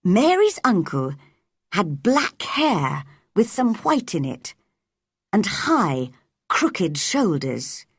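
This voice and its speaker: Woman narrator for a learners' audiobook, lively pitch, breathy, dry close sound. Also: no echo. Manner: clear, measured, expressive character voices. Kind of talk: graded-reader audiobook narration for English learners.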